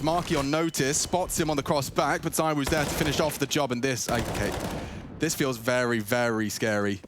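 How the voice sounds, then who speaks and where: A man giving excitable, quick-reacting live commentary on an esports match. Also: mid-range voice, noisy background.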